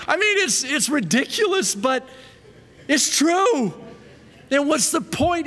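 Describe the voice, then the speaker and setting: Animated preacher in a reverberant hall. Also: male voice, high voice, measured pace, long pauses. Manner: animated and conversational, laughs at his own jokes. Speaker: pastor. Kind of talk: sermon. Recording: long reverb of a large hall.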